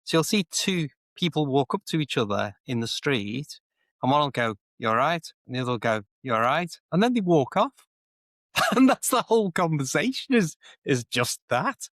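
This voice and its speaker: A man's voice: fairly high pitch, big pitch swings, normal speed, a bit bright, no room sound, studio quality. A British man chatting casually as co-host, humorous, telling small anecdotes. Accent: British English. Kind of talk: casual chat.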